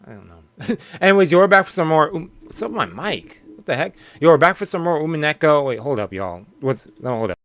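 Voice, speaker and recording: A man's voice: fairly high pitch, lively intonation, a little fast, a bit bright, no room sound. A man streaming live in casual chat, playful, laughing often and tripping over his own words.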